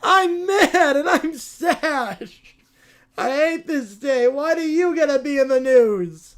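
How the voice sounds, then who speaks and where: Text-to-speech lady doing a bratty little girl, high whiny voice, sulks and yells about everything. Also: expressive, slow. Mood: outraged. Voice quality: high, whining and petulant. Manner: sulky complaining, outbursts of shouting. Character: whiny spoiled little girl, jealous and demanding.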